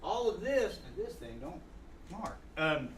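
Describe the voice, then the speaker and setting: A man's voice: sits high, big pitch swings, a little slow, creaky, a little hiss or hum. A middle-aged man teaching a Sunday School Bible lesson. He talks animatedly, acts out biblical dialogue and quizzes the class.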